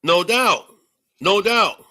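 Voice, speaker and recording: Male streamer, furious profane rant, bright forceful tone, higher-pitched. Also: lively intonation, slow pace. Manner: angry, profane, repetitive. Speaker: livestream host. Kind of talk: ranting livestream commentary.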